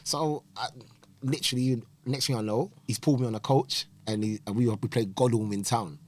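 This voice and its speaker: A man's voice: medium pitch, a little fast. A man telling stories as a podcast guest, acting out the people in them and using slang. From England. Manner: animated, acts out quoted voices, London slang. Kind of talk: casual storytelling.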